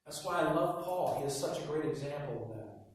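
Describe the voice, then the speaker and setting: A man preaching a sermon as pastor, telling stories with quiet asides and loud emphatic bursts. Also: on the high side, animated, a little fast. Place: church hall. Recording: echoey hall from far off.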